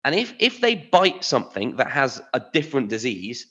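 A man's voice: mid-range voice, big pitch swings, moderate pace, a bit bright, breathy edge, lo-fi sound. A British-accented man co-hosting a podcast, chatting with enthusiasm and loose, easygoing phrasing. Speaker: podcast co-host. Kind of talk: casual chat.

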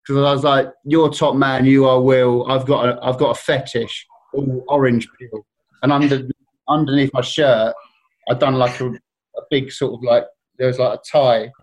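A man's voice: mid-range voice, flat delivery, normal speed. A man telling a rambling, self-deprecating story in casual chat, laughing often. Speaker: guest telling stories.

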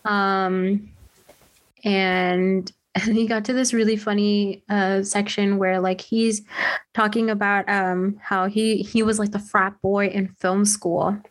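A woman's voice: mid-range voice, little pitch movement, slow. A woman in casual chat, telling a story in a rambling way with lots of "like" and restarts. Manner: rambling, heavy use of "like" and restarts.

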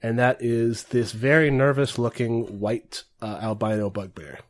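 A relaxed man running a tabletop game, painting each character with loose, filler-filled description. His voice sits in an ordinary middle range. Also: medium pitch, a little slow. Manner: easygoing, descriptive, many fillers. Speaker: game master.

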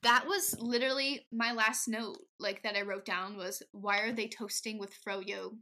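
A woman's voice: mid-range voice, fairly even intonation, measured pace, heavy background noise. A woman co-hosting a podcast, chatting playfully and joking, with lots of "like". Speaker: podcast co-host. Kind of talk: casual chat recapping a movie.

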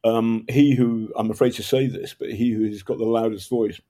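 A man's voice: on the low side, fairly even intonation, normal speed, dark tone. A man with a northern English accent, a journalist and author telling stories in an interview, often restarting his sentences. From Northern England. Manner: rambling, self-interrupting storyteller with projected voice. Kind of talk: conversational storytelling interview.

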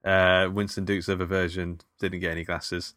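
A man co-hosting a casual film review podcast, jokey and halting, with many ums. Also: low voice, flat delivery, sharp tone, dry recording, clean studio sound. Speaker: podcast co-host.

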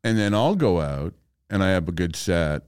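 A man who is a stand-up comedian, a guest in a casual chat, talking in a relaxed, reflective way and swearing casually. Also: deep voice, normal speed, clean tone, no echo, clean studio sound.

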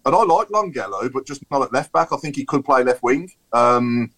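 Bloke rattling off his football opinions quick, chatty and rambling, on a call. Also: mid-range voice, animated, fairly bright tone, low-quality recording. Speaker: podcast panelist. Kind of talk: casual football chat.

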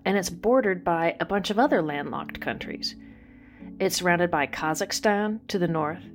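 A woman in her forties from Southern California, hosting a podcast with lively, playful scripted storytelling. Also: fairly low pitch. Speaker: podcast host.

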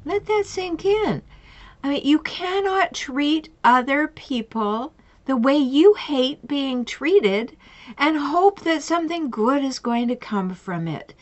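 Female coach, emphatic advice monologue, slightly high voice, muffled lo-fi recording. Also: expressive, takes it slowly. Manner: emphatic, repeats pointed questions. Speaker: relationship coach. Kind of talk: advice monologue with retold client stories. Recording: dull lo-fi recording.

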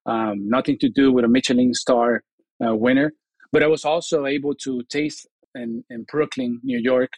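A man's voice: medium pitch, fairly even intonation, normal speed, darkish tone, dry recording, poor audio. A middle-aged man from Venezuela with a Venezuelan Spanish accent, a chef and TV host chatting as a guest in an interview, earnest and full of "you know" restarts. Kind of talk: casual interview chat.

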